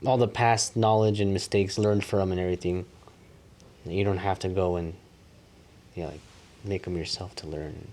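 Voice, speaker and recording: A man's voice: sits low, steady tone, moderate pace, pauses often, darkish tone, a little hiss or hum. A man co-hosting a casual podcast chat, rambling with lots of "like" and casual swearing. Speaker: podcast co-host.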